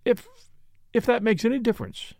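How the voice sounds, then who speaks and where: A man voicing a lively young woman with a playful, mocking way of talking. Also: very high voice, brisk, creaky, dry recording, studio quality, pitched above the performer's own voice, full character voice. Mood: pleading, warm.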